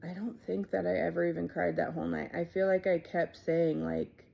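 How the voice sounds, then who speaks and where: A woman in her thirties telling her own life story in a casual, halting way, with many fillers and quiet trailing asides. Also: lowish voice, level tone, gravelly. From Ohio, USA.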